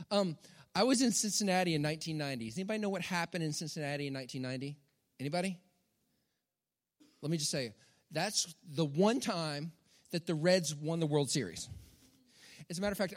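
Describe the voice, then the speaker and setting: High-voiced male pastor in a reverberant hall. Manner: animated, dramatic storytelling with emphatic repetition. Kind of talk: sermon.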